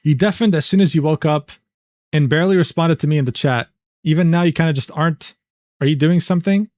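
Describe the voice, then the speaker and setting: Male streamer, reaction commentary, disbelieving and slangy, slightly high voice, dry close mic. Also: fast talker, a little mellow, dry recording. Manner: incredulous, slangy, swearing, laughing in disbelief.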